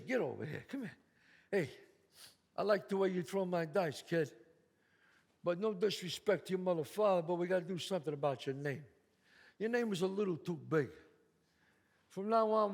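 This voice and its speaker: Brash new mob boss barking orders, as a man acts him out, high edgy voice, echoey stage. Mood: friendly. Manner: loud, bossy, profane, coaxing. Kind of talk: one-man stage show. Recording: live stage, long reverb, faint ambience.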